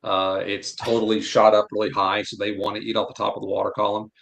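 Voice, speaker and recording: A man from Florida, a podcast guest, telling fishing stories in a blunt, animated, opinionated way. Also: lowish voice, quick pace, creaky, slight background noise. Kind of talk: casual fishing chat.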